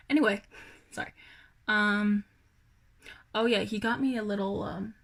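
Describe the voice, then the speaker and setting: Slow, rambling young woman vlogging. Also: mid-range voice, steady tone, vocal fry, fairly bright tone. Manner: rambling, hesitant, many fillers and sighs. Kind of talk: casual personal vlog talk.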